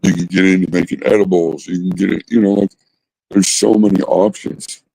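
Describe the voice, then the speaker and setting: A man's voice: sits low, fairly even intonation, a little fast, creaky, mellow, breathy edge, no room sound, poor audio. A man hosting a casual livestream chat, laid-back and rambling, with casual swearing. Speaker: host.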